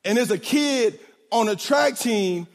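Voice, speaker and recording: High voice man preaching, gets loud then real quiet, big church echo. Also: lively intonation, a little slow. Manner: preaching with swings from shouting to hushed asides. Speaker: pastor. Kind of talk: sermon. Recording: long hall reverb.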